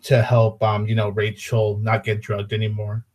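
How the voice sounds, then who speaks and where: A man's voice: lowish voice, monotone, normal speed, darkish tone. A man chatting casually as a guest on a movie podcast, with lots of fillers and an agreeable manner.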